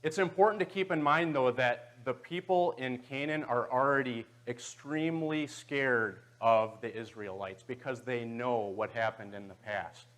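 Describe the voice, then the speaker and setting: A man's voice: medium pitch, a little slow, hardly any pauses, a bit bright. Man teaching a church Bible class. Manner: guiding, checks in with "okay" and "right". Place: church auditorium.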